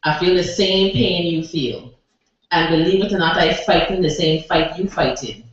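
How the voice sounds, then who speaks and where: A woman with a Virgin Islands accent performing her own spoken word poem, addressing the listener forcefully at a cafe open mic. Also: on the low side, normal speed. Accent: Virgin Islands Creole English. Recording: echoey room, distant lo-fi mic, noise.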